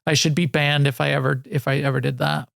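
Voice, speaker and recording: A man's voice: on the high side, level tone, fast, vocal fry, a bit bright, dry recording, studio quality. A man co-hosting a video game podcast, chatting casually in a rambling, self-deprecating way with lots of restarts. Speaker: podcast co-host. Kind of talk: casual chat about video games.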